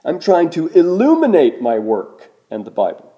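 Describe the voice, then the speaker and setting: A man preaching a sermon in a slow, emphatic way, with dramatic pauses on key words. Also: a little high, huge pitch swings, dark tone. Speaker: pastor.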